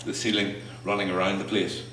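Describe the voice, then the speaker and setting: A man performing his spoken word poetry to a small audience, slow and halting between pieces, with fillers and restarts. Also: low-pitched, little pitch movement, fairly bright tone, slight background noise. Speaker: poet performing his work. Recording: echoey room, mic far off.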